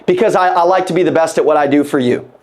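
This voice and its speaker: High-pitched, fired-up male sales trainer. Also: fast. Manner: animated, emphatic, repeats key phrases; casual, addresses audience as "guys" and "bro". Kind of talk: energetic sales training talk on a video call.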